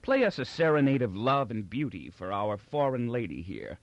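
A man's voice: medium pitch, big pitch swings, no echo, muffled recording. A man doing a mocking, arrogant prince. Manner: mocking, slow and drawn out. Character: arrogant cruel young male prince.

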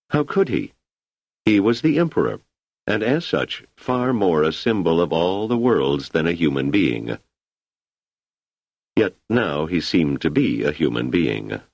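A man narrating an audiobook in an expressive storytelling manner. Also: sits low, no room sound. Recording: slightly muffled lo-fi recording.

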